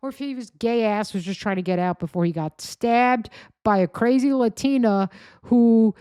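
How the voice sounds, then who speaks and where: A woman hosts a show in a loose, rambling commentary, sarcastic and mocking throughout. Her voice sits a touch high for a woman and sounds dry and close, with no room around it. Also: moderate pace, dark tone, clear, resonant tone, no echo. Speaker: podcast host. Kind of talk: casual commentary.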